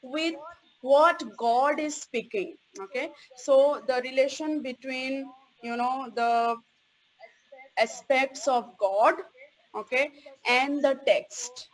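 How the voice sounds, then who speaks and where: A woman's voice: high voice, takes it slowly, low-quality recording. A woman giving a recorded theology course lecture, stressing key words and checking in with "okay?" after each point.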